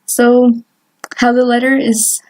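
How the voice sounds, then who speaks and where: A woman's voice: fairly high pitch, completely flat delivery, slow, darkish tone. A young woman vlogger chatting casually while she doodles, rambling and trailing off with lots of fillers and little laughs. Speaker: artist vlogger.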